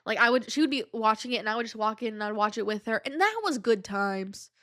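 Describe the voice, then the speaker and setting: A woman with a fairly high voice and a stuffy nose hosts her own podcast. She talks in loose, casual chat, drifting off topic and leaning on "like" constantly. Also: lively intonation, fast talker, sharp tone. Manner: rambling, digressive, heavy use of "like". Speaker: podcast host.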